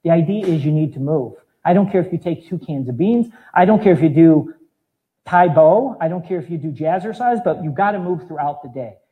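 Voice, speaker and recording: A man in his fifties, a fitness trainer giving an animated live talk to an audience, demonstrating exercises as he speaks. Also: a little high, fairly quick, narrow, tinny audio. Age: 50s.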